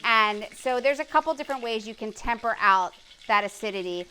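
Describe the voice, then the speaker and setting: A woman's voice: fairly high pitch, lively intonation, a little fast, pushed and bright, a little hiss or hum, low-quality recording. A woman hosting a live cooking show, chatting with her guest and explaining kitchen tips. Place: live studio kitchen with audience.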